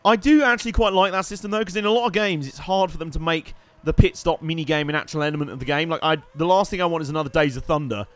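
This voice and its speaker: A man giving wry, chatty live commentary while playing a racing game, swearing and reacting loudly to the action. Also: on the high side, quick pace, hardly any pauses. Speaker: streamer.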